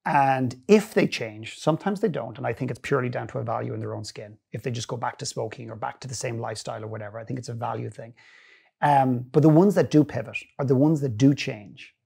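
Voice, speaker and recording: Gravelly, husky-voiced man telling stories. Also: medium pitch, fast talker. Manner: earnest, animated storytelling with frequent restarts. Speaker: guest, inspirational speaker. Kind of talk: storytelling in a long-form interview.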